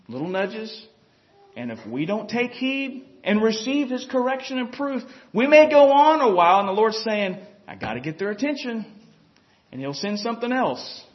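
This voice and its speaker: In a dull, lo-fi recording with a muffled top end, a man with a notably high voice delivers an easygoing, talkative sermon. He chuckles now and then, checks in with his listeners, and says "you know" often.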